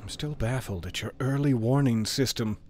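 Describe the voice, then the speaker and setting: A man chats casually over a desk microphone as he plays a video game, dropping wry, playful asides. His voice sits at a middling pitch. A faint ambient hiss lingers under the talk. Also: normal speed. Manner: wry, playful banter with chat. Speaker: game streamer. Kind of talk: casual gameplay commentary.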